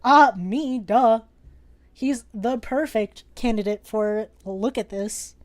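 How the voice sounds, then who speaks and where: A young woman hosts a casual live-streamed drawing lesson with a slightly high voice. She is playful and excitable, jokes with her viewers and swears in passing. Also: slow pace.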